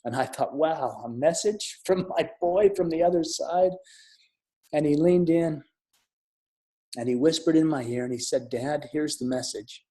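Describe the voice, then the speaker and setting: A middle-aged man telling a personal story in an earnest, reflective way, with restarts and soft drops in volume. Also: on the high side, measured pace, pauses often. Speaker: speaker sharing a near-death experience. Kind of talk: personal storytelling talk with audience questions. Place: online summit talk.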